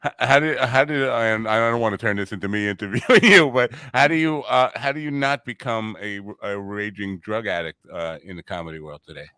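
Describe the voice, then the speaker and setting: A man's voice: on the low side, brisk, hardly any pauses, bright, forceful tone, clear, resonant tone, no room sound, studio quality. A man hosting a podcast in casual chat, laughing easily and asking questions. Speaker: podcast host.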